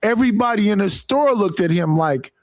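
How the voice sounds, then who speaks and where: Host, man, higher voice, dry close mic, salty animated storyteller. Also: brisk, dry recording. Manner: profane, animated storytelling with acted quotes. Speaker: podcast host. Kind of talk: casual storytelling.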